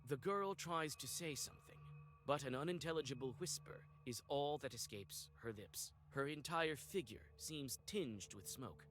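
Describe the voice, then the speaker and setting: A man narrating a dark story in second person in a measured, atmospheric manner. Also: mid-range voice, animated.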